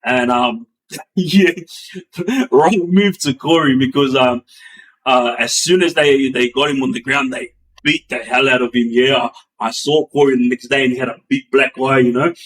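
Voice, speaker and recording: A man telling a story in a loose, rambling way, with many fillers and restarts, acting out the action with bangs and booms. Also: normal speed. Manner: animated, acts out sounds with bangs and booms. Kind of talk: casual spoken storytelling.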